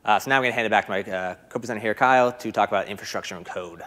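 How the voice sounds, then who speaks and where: A man with an American accent talks through a live coding demo at a conference. His voice sits a little low, and he moves quickly, padding his sentences with "um" and "you know.". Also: a bit bright. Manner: fast, filler-heavy technical explaining. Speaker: conference presenter.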